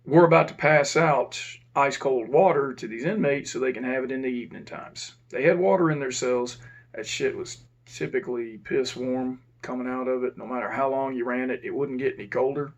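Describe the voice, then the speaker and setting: Gravelly man telling a blunt story. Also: mid-range voice, fairly quick. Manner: blunt and profane, laid-back. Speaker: former prison officer telling war stories. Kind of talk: casual storytelling.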